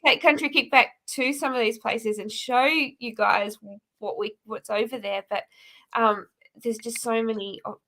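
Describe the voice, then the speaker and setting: A woman's voice: on the high side, steady tone, unhurried, sharp tone. A woman from Australia hosting a live video interview, agreeing often and chatting along encouragingly. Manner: encouraging, frequent agreeing backchannels. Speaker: host. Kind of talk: casual interview chat.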